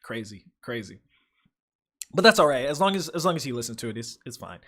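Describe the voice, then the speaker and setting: A man's voice: mid-range voice, very animated, a little fast, a bit bright, husky. A young man hosting a livestream, reading viewer comments aloud and chatting in loose, profane slang full of fillers. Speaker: livestream host.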